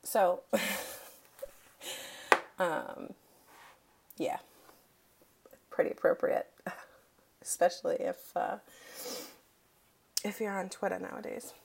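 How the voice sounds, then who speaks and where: A woman from Massachusetts with a Massachusetts accent, chatting casually through an accent tag video, relaxed and chuckling as she reads word lists. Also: on the low side, extremely slow, vocal fry, pauses often, a little hiss or hum. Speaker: audio recording creator.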